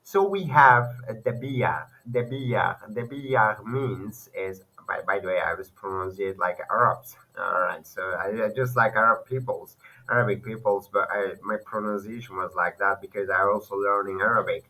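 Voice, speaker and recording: A man's voice: on the low side, normal speed, sharp tone, low-quality recording. Hesitant man. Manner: hesitant, many fillers and self-corrections. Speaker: language learner teaching online. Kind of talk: casual screen-share lesson.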